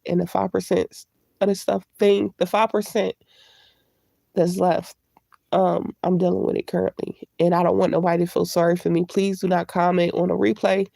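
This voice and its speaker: Fighting a cold that leaves her congested, a woman YouTube vlogger keeps up a chatty, candid livestream and greets the people watching. She speaks briskly in a lowish, mellow, gravelly voice, with no room sound.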